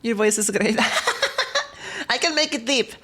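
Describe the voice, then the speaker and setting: A woman's voice: a little high, big pitch swings, slow, bright, forceful tone, slightly rough. A woman streamer in casual livestream chat, talking while eating, laughing often and greeting her chat between stories.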